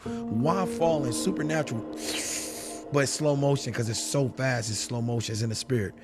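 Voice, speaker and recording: A man telling a dramatic personal story in casual talk, dropping low and hushed, then breaking into shouted quotes. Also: moderate pace, over music. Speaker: guest telling his story.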